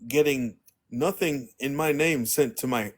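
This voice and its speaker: A man's voice: mid-range voice, a little slow. A man hosting a live stream in an ordinary middle-range voice. He talks bluntly and emphatically and does not mind dropping a curse word. The delivery is loose live chat. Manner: blunt, emphatic, swears freely.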